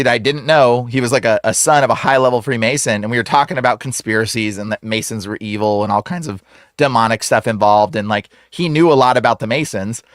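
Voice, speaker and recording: A man who is a guest on the show, telling a story in a casual, slangy way full of "like" and "bro", animated and acting out the voices in it. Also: mid-range voice, no echo, studio quality. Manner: slangy, fills speech with "like" and "bro". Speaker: exorcist guest.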